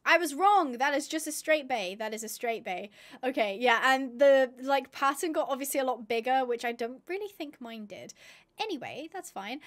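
A woman's voice: a little high, a bit bright. A young woman chatting casually through gameplay as a video host, rambling with fillers and self-corrections. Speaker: gaming YouTuber.

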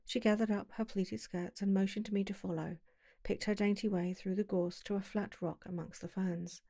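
A woman narrating an audiobook in a calm, measured storytelling voice on a close mic. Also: mid-range voice, vocal fry, no echo.

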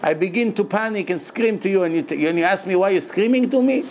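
Man acting as a frantic prophet crying to god, high exclaiming voice, faint hiss behind. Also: lively intonation, fast talker, a little mellow. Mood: pleading.

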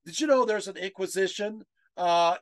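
High-voiced man lecturing on a video call. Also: normal speed, dry recording. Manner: emotional, chokes up while reading quotes; many fillers and restarts, asks the audience rhetorical questions.

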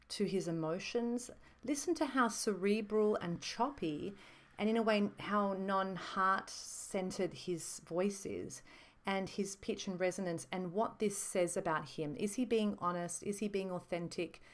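A woman teaching about voices in a measured, explanatory monologue. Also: mid-range voice. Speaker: voice instructor.

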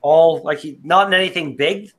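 A man's voice: fairly high pitch, moderate pace, over a noisy crowd. A man co-hosting a casual beer review chat, rambling with restarts and swearing freely. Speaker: podcast co-host reviewing beer.

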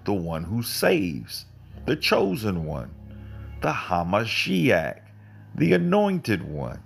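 A man's voice: lowish voice, wildly swooping pitch, takes it slowly, vocal fry, breathy edge. A man giving an informal livestream Bible teaching, digressing and correcting himself as he fires off rhetorical questions.

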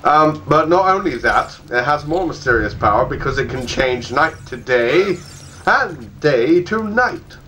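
A man giving casual, playful let's-play commentary, chatty and quick to laugh. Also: a little high, expressive, sharp tone, slight background noise, low-quality recording. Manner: chatty, playful, laughs often and puts on silly voices.

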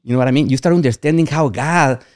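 A man's voice: mid-range voice, fast, no room sound, studio quality. A man from Guatemala, a podcast guest telling personal stories in a rambling way and often saying "you know what I mean". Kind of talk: candid personal storytelling.

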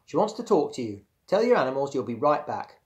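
A man's voice: mid-range voice, sing-song, brisk, natural voice. A man reading aloud, voicing a teasing older sister in her early teens. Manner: mocking.

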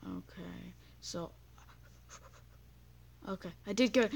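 Slow-talking teen girl gamer. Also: fairly low pitch. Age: teens. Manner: rambling, self-mocking, chatty; bursts into screams and sing-song humming. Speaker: gaming YouTuber. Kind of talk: gameplay commentary.

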